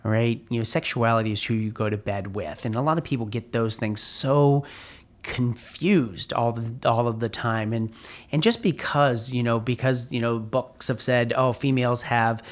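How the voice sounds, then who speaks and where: A man's voice: medium pitch, normal speed. A middle-aged man hosting a podcast and telling a personal story in an earnest, heartfelt way, often restarting his sentences. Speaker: podcast host.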